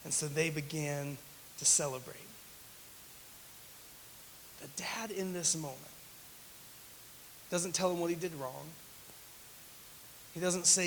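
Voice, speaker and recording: Fairly high-voiced man preaching in a hall. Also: steady tone, moderate pace, long pauses, fairly bright tone, slight background noise. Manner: retells scripture with acted quotes, emphatic. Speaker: pastor. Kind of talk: sermon. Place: church sanctuary.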